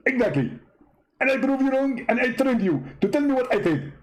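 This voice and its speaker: A man playing a boastful preacher, high raised voice, very lively, smug, gloating. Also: poor audio. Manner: gloating, mocking, fast-talking.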